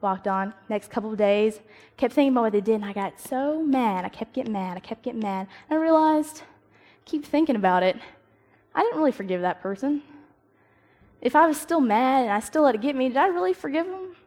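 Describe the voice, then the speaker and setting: A woman's voice: on the high side, lively intonation, a little fast, darkish tone. Chatty young woman in a hall. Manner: chatty, storytelling, acts out her own inner dialogue. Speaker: youth speaker. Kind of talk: informal devotional talk. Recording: long reverb of a hall.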